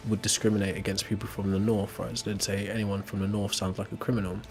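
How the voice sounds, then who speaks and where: A man's voice: fairly low pitch, flat delivery, fast talker. Chatty English working-class man. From England. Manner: chatty, jokey, asks "right?" often. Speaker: streamer. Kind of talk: casual chat while gaming.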